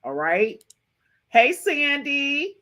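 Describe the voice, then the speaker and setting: Woman host on a livestream, slow drawn-out talk, keeps repeating herself to the chat. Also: high voice, sing-song, sharp tone. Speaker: podcast host. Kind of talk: livestream gossip commentary.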